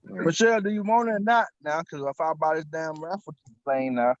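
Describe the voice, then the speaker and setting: A man's voice: on the high side, animated, brisk, dry recording, highs cut off. A man co-hosting a live podcast, bantering and cursing in a joking way. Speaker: podcast co-host. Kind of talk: casual live-stream chat.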